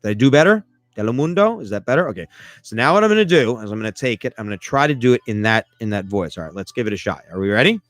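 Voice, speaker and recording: A man hosting a live podcast in a casual chat style, animated and self-mocking, and he keeps asking listeners for feedback. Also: lowish voice, very fast, dry recording, soft background music. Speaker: podcast host.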